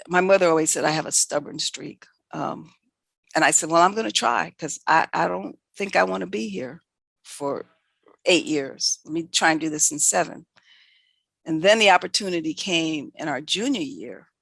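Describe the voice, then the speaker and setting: Speaking in a low voice with a slight gravelly texture, an older veterinarian from New York City recounts her career in a candid, conversational interview. The close-miked recording is dry, with no room sound, and her lively stories correct themselves as she goes, full of quoted dialogue.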